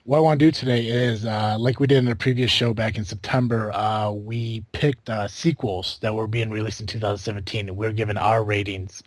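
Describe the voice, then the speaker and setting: A man's voice: lowish voice, steady tone, brisk, hardly any pauses, dry recording. A man from the United States hosting a casual podcast, rambling with lots of fillers and restarts. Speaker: podcast host.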